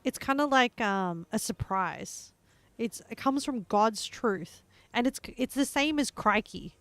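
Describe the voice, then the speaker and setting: A woman's voice: on the high side, lively intonation, measured pace, a bit bright, no echo. An Australian woman streaming a game, chatting casually and rambling as she searches for words. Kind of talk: casual chat while gaming.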